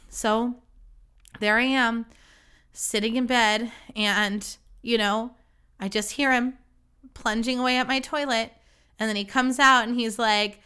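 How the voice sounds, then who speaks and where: A young woman hosts her own podcast, telling a story in a chatty, self-deprecating way and swearing freely. Her voice is a little high and a little slow, with a steady, sharp, clean tone.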